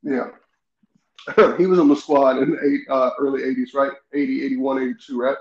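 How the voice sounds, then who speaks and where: A man who is a guest on a sports podcast, chatting in an animated way and often laughing. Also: mid-range voice, normal speed. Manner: animated, laughing, throws questions back to the host. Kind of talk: casual sports debate. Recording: dull echoey remote line.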